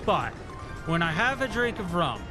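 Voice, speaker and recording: A man's voice: high voice, very animated, moderate pace, pitched above the performer's own voice. A man voicing a jolly, rum-loving male pirate sailor in pirate slang, with game music behind him. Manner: pirate slang, boisterous and drawn out.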